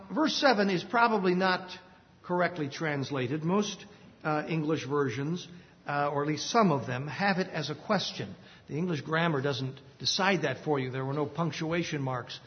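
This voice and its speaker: A man preaching an expository Bible teaching, measured and explanatory, with occasional filler pauses. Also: sits high. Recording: long reverb, dull lo-fi sound.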